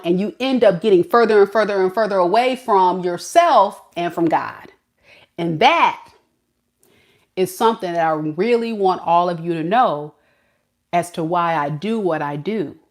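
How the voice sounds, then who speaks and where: A woman who reads tarot, talking casually to camera with a preachy, colloquial delivery and drawn-out emphasis. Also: mid-range voice. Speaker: tarot reader.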